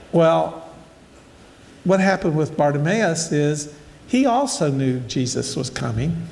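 A man's voice: a little high, vocal fry, darkish tone, a little hiss or hum. Older man preaching in echoey hall. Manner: conversational, storytelling, addresses listeners directly. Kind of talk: casual sermon with Bible reading.

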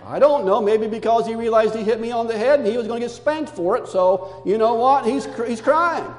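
A man's voice: extremely high pitch, fairly quick, reverberant, in a large hall, pitched above the performer's own voice. A man voicing a defensive little boy who insists he did nothing, in a whiny, evasive way. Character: young boy, defensive, feigning innocence.

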